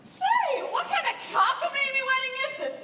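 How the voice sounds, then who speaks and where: Brief: teen girl as a frantic fretful woman, very high and lively, echoey hall, audience faint. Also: moderate pace, distant mic, a little hiss or hum, heavily acted. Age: teens. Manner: frantic, exclaiming. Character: flustered, fretful woman with a weak heart.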